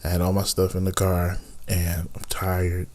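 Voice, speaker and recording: Very deep-voiced tired man, rambling playfully. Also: completely flat delivery, moderate pace, a little mellow. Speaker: podcast co-host. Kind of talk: casual married-couple chat.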